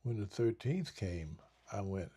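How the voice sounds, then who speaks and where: A man in casual talk as pastor and co-host, emphatic, slowing down and stressing scripture. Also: fairly low pitch, expressive, slightly rough. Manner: emphatic, slows and gets louder on scripture. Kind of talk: preaching in casual chat.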